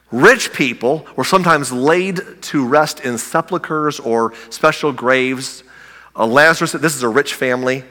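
A pastor teaching verse by verse in a bright, forward voice, loose and joking, often circling back to restart a thought. His words carry with a long echo through a church sanctuary. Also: mid-range voice. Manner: conversational and humorous, with frequent restarts. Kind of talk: sermon with verse-by-verse Bible teaching.

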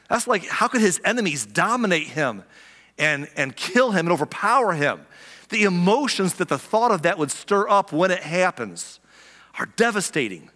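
A man preaching a sermon in a relaxed, conversational way, acting out little quoted reactions as he explains a passage. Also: sits high. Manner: conversational, animated, acts out quotes. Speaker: pastor. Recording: long reverb of a hall.

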